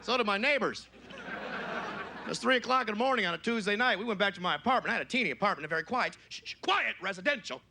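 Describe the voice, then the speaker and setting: Male stand-up comic, brash and loud, fairly high voice, noisy live club recording. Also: animated, rapid-fire. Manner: brash, shouts high-pitched voices for punchlines. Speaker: stand-up comedian. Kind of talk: stand-up comedy set. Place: comedy club stage before a live audience.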